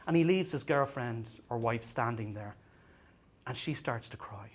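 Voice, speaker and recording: An Irish man doing a stand-up comedy set, telling self-mocking stories in a halting way and often repeating his words as he restarts. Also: medium pitch, expressive. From Ireland. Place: comedy venue stage.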